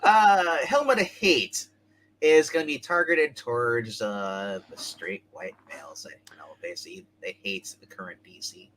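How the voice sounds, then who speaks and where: A man co-hosting a live comic book chat, talking in a quick, rambling, joking way. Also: medium pitch, fairly bright tone, a little hiss or hum. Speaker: co-host. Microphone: live stream setup.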